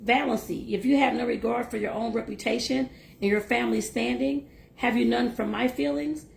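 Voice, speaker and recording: A woman's voice: a little high, steady tone, moderate pace, vocal fry, roomy sound, slight background noise. Woman reading a fretful tearful mother. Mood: plaintive. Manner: plaintive.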